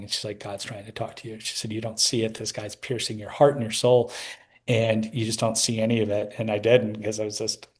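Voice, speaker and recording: A middle-aged man telling a personal story as an interview guest, rambling with many restarts. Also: fairly low pitch.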